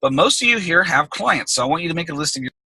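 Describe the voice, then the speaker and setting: A man's voice: fairly high pitch, lively intonation, fast talker, sharp tone, breathy edge, no echo, poor audio. A man coaching business owners on a group call, talking in an emphatic, conversational way and checking in with "okay?" between points. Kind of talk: recorded group call teaching.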